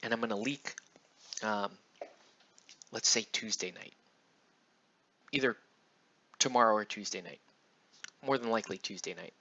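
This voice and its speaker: Painting miniatures on stream, a man with a lowish, unhurried voice and a sharp tone chats loosely in slang, rambling with long pauses. The dull lo-fi audio has a little hiss or hum.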